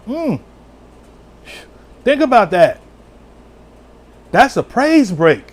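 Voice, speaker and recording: Emotional preacher man, high and lively. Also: extremely slow, pauses often. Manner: emotional, exclaiming, swinging between loud and hushed. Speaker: elder preacher. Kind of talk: sermon.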